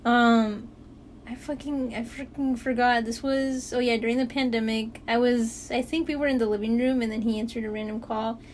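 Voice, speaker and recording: A woman's voice: a little high, normal speed, a little hiss or hum. A young woman chatting casually on a podcast, telling stories and acting out quotes, swearing freely. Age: young adult. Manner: animated storyteller, acts out quotes, swears freely. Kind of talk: casual chat.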